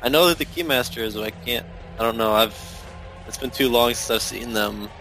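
A man co-hosting a casual chat, talking in a halting, easygoing way and laughing often. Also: medium pitch, sharp tone, soft background music, low-quality recording.

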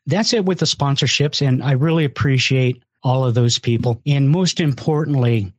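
The organizer and host of a live podcast event speaks with enthusiasm and emphasis, repeating words as he urges his listeners on. His mid-range voice moves at a moderate pace, and the sound has no echo.

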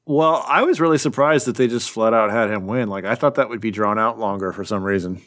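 A man's voice: lowish voice, a little fast, fairly bright tone. A musing man in casual chat. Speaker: podcast co-host.

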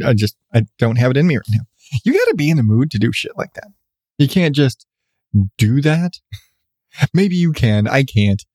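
A man's voice: mid-range voice, darkish tone, no room sound. A middle-aged man with a stuffed-up, congested voice rambles through a late-night solo podcast, joking at his own expense. He talks in loose, restarting sentences. The recording is close and dry. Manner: rambling, self-deprecating, restarts often. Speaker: podcast host.

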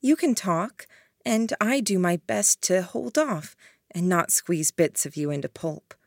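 Woman reading as eerie gentle young woman, soft menacing threats, lowish voice, slow and measured. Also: lively intonation, vocal fry, no echo, studio quality, exaggerated voice. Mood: confiding.

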